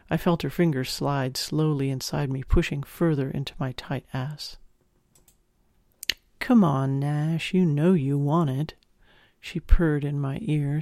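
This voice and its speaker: Male audiobook narrator, first person, intimate and expressive, gravelly edge, dead-dry close mic. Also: on the high side, dry recording.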